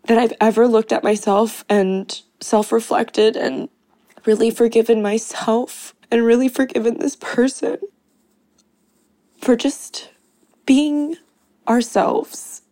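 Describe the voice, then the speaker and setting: A woman caller leaves a recorded message while crying, speaking very slowly with many pauses. Her voice is somewhat high and mellow, and it sounds dry and close. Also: fairly even intonation, no room sound. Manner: slow, tearful and heartfelt, pausing often.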